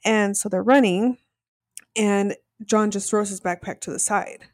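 A woman's voice: medium pitch, fairly even intonation, measured pace, dry recording, studio quality. A woman co-hosting a podcast, casually and animatedly retelling a reality show episode, saying "like" often. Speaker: podcast co-host.

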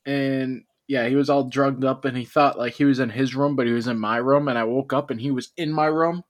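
A man's voice: mid-range voice, fairly even intonation, fairly quick. A college-age man tells a rambling story among friends. He leans on slang and keeps restarting his sentences as he goes. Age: young adult. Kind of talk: casual chat.

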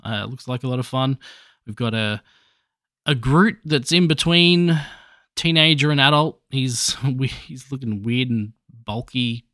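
A man's voice: mid-range voice, a little slow, pushed and bright, no echo, clean studio sound. A man hosting a podcast alone, chatting casually about movies in a rambling, jokey way with restarts and swearing. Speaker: podcast host.

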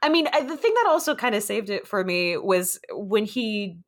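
A woman's voice: mid-range voice, very animated, normal speed. A woman guest on a podcast, chatting casually and enthusiastically, laughing and acting out quotes. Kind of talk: casual chat.

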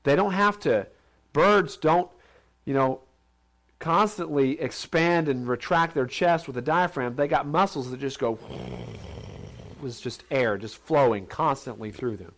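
A man's voice: a little high, a little slow, a bit bright. A man teaching a Bible lesson in a conversational, questioning way. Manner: conversational, asks questions, acts out others' voices. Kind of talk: informal sermon to a group. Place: large steel building.

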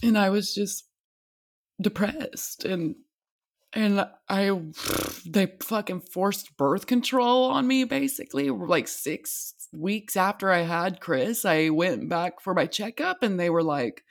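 A woman's voice: medium pitch, lively intonation, takes it slowly, creaky. A young American woman talking on her vlog in a tired, rambling way, swearing freely. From United States. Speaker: vlogger. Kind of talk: candid confessional vlog.

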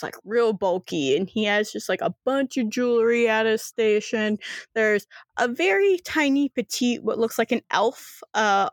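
A woman's voice: medium pitch, no room sound. Rambling woman game master, dry sound. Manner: rambling, many fillers. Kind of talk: narrating a tabletop game.

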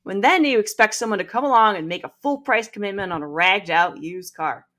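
A woman's voice: medium pitch, brisk, a bit bright. A woman hosting a podcast, reading aloud from a book with wry asides and frequent laughs. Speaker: podcast host.

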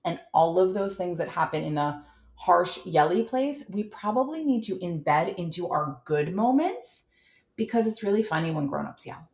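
A woman coaching a parent in a calm, clear, instructive way as the host. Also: lowish voice, normal speed, roomy sound. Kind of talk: coaching conversation.

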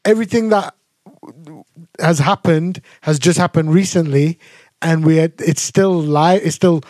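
A man's voice: on the high side, a little slow, a little mellow, no echo. A man co-hosting a podcast, playful and slangy in casual banter. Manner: playful, laughing, London slang. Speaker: podcast co-host.

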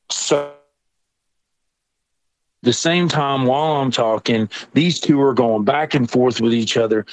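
A man's voice: medium pitch, measured pace, pauses often, no room sound. A man doing stand-up, telling a story and acting out the people in it. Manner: animated, acts out the people in his story. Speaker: comedian.

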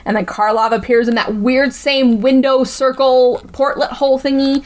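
A woman's voice: sits high, level tone, normal speed. A woman co-hosting a podcast, recapping a film in casual chat, peppering her talk with "like" and "right?" and sarcastic about what she saw. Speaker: podcast co-host.

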